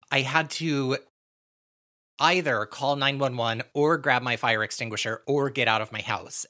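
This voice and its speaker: A man co-hosts a casual true-crime podcast in a bright, clear voice. He talks in a chatty, self-deprecating way. He leans on fillers like "like" and "you know". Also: medium pitch. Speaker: podcast co-host.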